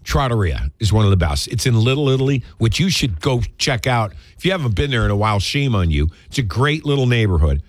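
A man's voice: mid-range voice, very animated, fast, few pauses, no echo, studio quality. A man hosting a radio talk show, doing folksy, emphatic live-read ads and chatting about football.

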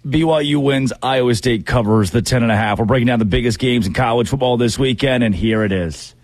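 A man hosting a casual sports talk show, trading quick jokes between game picks. His voice is husky and mid-pitched. The sound is dry and close, with no room around it. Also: darkish tone, no room sound. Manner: quick, wisecracking, playful.

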